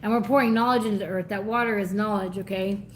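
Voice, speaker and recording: A woman giving a live energy reading in a chatty, effusive way, laughing often and going soft and teary when moved. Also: mid-range voice, steady tone, quick pace, a little hiss or hum. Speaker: tarot reader.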